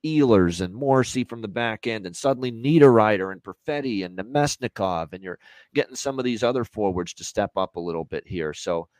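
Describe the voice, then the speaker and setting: A man's voice: fairly low pitch, animated, a little mellow, dry recording. A man hosting a sports betting show, talking casually with many fillers. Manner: quick, chatty, many fillers. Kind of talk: casual betting analysis chat.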